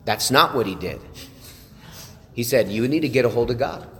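A man of medium pitch speaks to a gathered group in a hall with a long, ringing reverb. He tells his story earnestly and conversationally, restarting his sentences and dropping in "right?" as he goes. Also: lively intonation, moderate pace, a bit bright. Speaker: church leader sharing testimony. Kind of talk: testimony talk to a church group.

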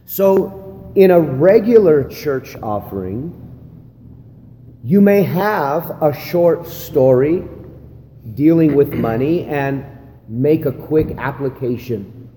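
Pastor, male, warm low-key delivery, chatty church-leadership lesson; long hall reverb, slight room hiss. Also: lively intonation, slow pace. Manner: conversational, repeats "right?" and "again". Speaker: pastor training other pastors. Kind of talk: church leadership teaching talk. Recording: long hall reverb, faint ambient noise.

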